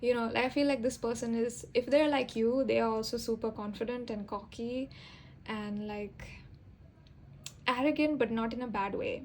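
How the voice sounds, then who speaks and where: A young woman with a fairly high voice gives a casual tarot reading, talking in a chatty, rambling way. She fills gaps with little fillers and stops to correct herself as she goes. Faint noise sits behind her voice. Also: normal speed, low-quality recording. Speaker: tarot reader.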